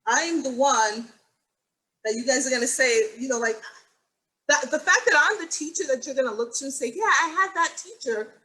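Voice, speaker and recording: A woman with a bright, forceful voice moderates an online panel discussion. She tells stories animatedly and acts out the quoted lines. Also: high-pitched, normal speed, poor audio. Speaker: moderator and acting teacher. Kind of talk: panel discussion on a video call.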